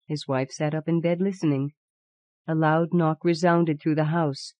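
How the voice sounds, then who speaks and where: A woman narrating an audiobook in a measured, even storytelling manner. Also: low-pitched, no echo. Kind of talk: scripted narration.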